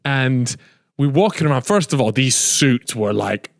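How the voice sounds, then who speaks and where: Male host, mid-pitched, casual teasing banter, dry close mic. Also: animated, a little slow, creaky, no room sound. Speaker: podcast host. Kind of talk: casual podcast chat.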